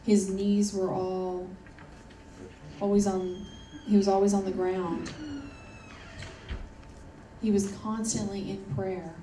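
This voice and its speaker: A woman preaches a sermon in a church hall, earnest and emphatic, repeating her key points. Her mid-range, dark-toned voice stays level at a slow pace with frequent pauses, captured as roomy, distant church audio with slight background noise.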